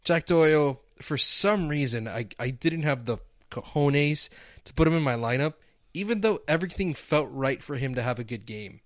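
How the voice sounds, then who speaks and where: A man's voice: a little high, expressive, moderate pace, no echo, studio quality. A man co-hosting a sports podcast, chatting casually with a teasing, joking manner. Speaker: podcast co-host. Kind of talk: casual chat.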